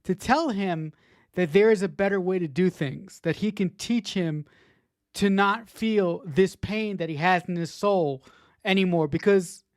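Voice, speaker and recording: A man's voice: sits high, unhurried, no echo, clean studio sound. A man co-hosting a podcast, giving his take on a TV episode in a casual, rambling way, often repeating words as he works out what he means. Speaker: podcast co-host.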